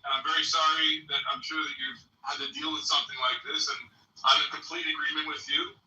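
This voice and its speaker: A man's voice: fairly high pitch, expressive, brisk, gravelly, sharp tone, echoey room, far from the mic, a little hiss or hum, poor audio. A man in a live-stream debate speaking earnestly in long, formal sentences. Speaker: debate participant.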